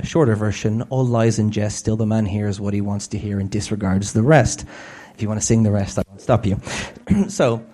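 A man's voice: medium pitch, darkish tone. A man giving a humorous public talk to an audience, sardonic, with joking asides.

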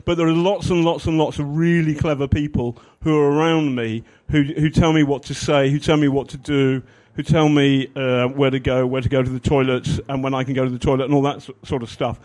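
A man's voice: mid-range voice, level tone, fairly quick, few pauses, a little mellow. Rambling man addressing an audience. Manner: rambling with fillers, self-mocking. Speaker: speaker. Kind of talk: humorous talk to an audience.

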